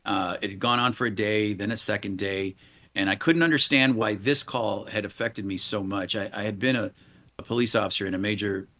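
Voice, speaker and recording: A man in his forties speaks as a guest in a podcast interview. His voice sits on the low side. He talks in an earnest, halting way and often restarts his sentences. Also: pushed and bright. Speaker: police leader and guest.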